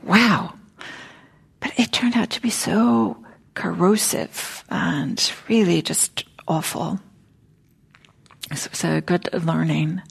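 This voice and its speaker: A woman gives a meditation talk in a soft, unhurried way, often sinking to a near whisper. Her fairly low voice has a gravelly, husky edge. She muses aloud with casual fillers. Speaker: meditation teacher. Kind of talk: dharma talk. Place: meditation hall.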